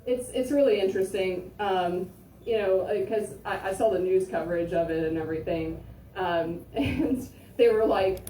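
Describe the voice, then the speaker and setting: A woman's voice: mid-range voice, normal speed, dark tone, slight background noise. A woman doing a chatty stand-up set with lots of fillers, recorded from a distance in an echoey room. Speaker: stand-up comedian.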